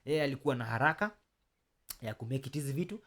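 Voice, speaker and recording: A man with a Kenyan accent telling a story to his viewers in an animated, chatty way, speaking straight to his audience. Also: mid-range voice, fast talker, background noise. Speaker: storytelling channel host.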